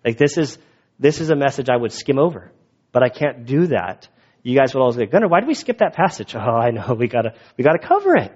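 Casual fast-talking male pastor. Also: mid-range voice, big pitch swings, a little mellow, breathy edge, lo-fi sound. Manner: casual, quick, conversational with restarts. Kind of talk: sermon.

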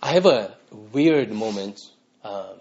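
A man's voice: on the low side, lively intonation, slow pace, darkish tone, dull audio. A male pastor preaching a sermon, earnest, pressing his listeners with repeated questions.

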